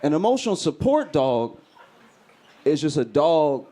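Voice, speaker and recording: A man's voice: fairly high pitch, big pitch swings, measured pace, mellow, a little hiss or hum. A man performing a stand-up comedy set, telling a story and acting out screams and voices. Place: comedy club stage.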